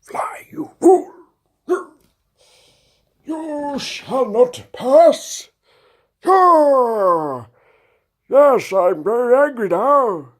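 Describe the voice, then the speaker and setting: A man voicing Gandalf, a furious old male wizard, with loud, drawn-out, mock-dramatic shouting. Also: extremely high pitch, expressive, pitched above the performer's own voice, heavily acted.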